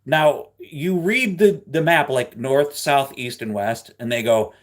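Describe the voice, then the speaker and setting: A man hosting a livestream, chatting casually with viewers and reading their comments out loud. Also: mid-range voice, takes it slowly. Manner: chatty, rambling, ranting. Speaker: livestream host.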